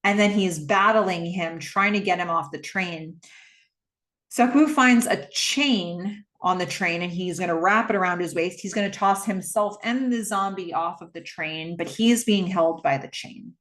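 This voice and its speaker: A woman's voice: lowish voice, normal speed, a bit bright. A woman casually retelling a film's plot, chatty with lots of fillers and visibly moved. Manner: conversational with many fillers, emotional. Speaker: film recap host. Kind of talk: casual movie recap.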